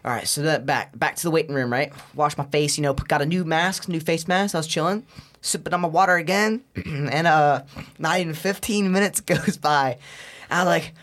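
Young adult man, podcast guest, a touch high-pitched, cursing and calling everyone bro as he tells a story, laughs at himself. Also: moderate pace, a bit bright. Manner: profane, slangy, keeps saying "bro"; laughs at his own story. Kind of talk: casual storytelling.

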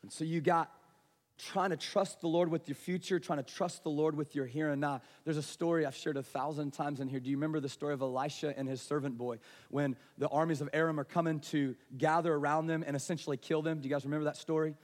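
A man preaching a passionate sermon, shifting between hushed, quiet moments and raised, urgent delivery. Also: a little high, steady tone, quick pace. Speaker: pastor. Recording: reverberant hall.

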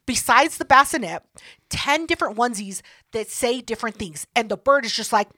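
A woman's voice: on the high side, brisk, no echo. A woman in her thirties hosting a podcast, telling a story in casual chat, swearing a lot and acting out what other people said. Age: 30s. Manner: profane, animated, acts out other people's lines. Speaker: podcast host.

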